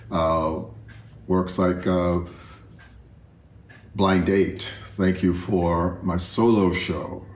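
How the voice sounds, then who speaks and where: An older man with a very low voice delivers a personal tribute, unhurried and reflective. He speaks straight to his friend. The sound is roomy with a faint hiss behind it. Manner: warm, reflective, addresses friend directly. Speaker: artist giving a video tribute. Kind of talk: heartfelt spoken tribute. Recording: roomy self-recorded video message.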